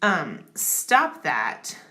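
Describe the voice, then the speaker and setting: A woman's voice: deep voice, huge pitch swings, drawn-out words, sharp tone. A woman tutoring grammar, explaining step by step and checking in often with the listener. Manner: patient, checks in with "okay?" and "right?". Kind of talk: classroom explanation.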